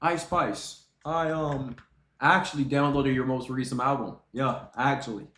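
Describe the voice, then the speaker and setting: Brief: excitable male streamer, mocking and emphatic, roomy echo on the voice. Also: mid-range voice, normal speed. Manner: animated, emphatic, mocking, repeats himself. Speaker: streamer reacting to a video. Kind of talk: casual reaction commentary.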